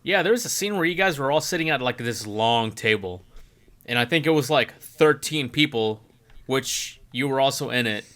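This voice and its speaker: A man in easygoing conversation with friends. His voice is bright and forward, and he rambles through stories with frequent laughter. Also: medium pitch, expressive, moderate pace. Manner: rambling, laughs often, hums song lines. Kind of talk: casual chat among friends.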